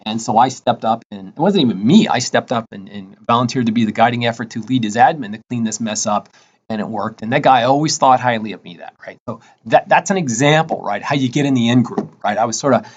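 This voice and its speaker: A man talks quickly through a recorded lecture, keeping a loose conversational tone. He often checks in with "right?" and acts out short exchanges in other people's voices. The recording sounds dull and lo-fi. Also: medium pitch, husky. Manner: casual, says "right?" often, acts out quoted dialogue. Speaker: instructor.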